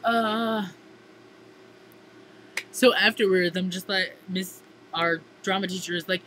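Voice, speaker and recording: A woman's voice: mid-range voice, slow, a bit bright, slight background noise, rough recording. A teenage girl chatting casually in a diary-style vlog, gushing and theatrical, filling her talk with "like". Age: teens. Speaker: vlogger.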